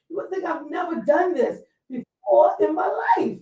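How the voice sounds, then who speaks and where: A woman hosting a casual talk show, lively and slangy, talking straight to her listeners. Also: on the high side, a little fast, hardly any pauses. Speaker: podcast host. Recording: roomy sound, mic far off.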